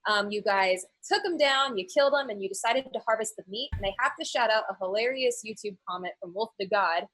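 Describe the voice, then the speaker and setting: A woman's voice: medium pitch, a little fast, fairly bright tone, poor audio. A young woman running a tabletop game, recapping the story in a chatty way with frequent ums. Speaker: game master.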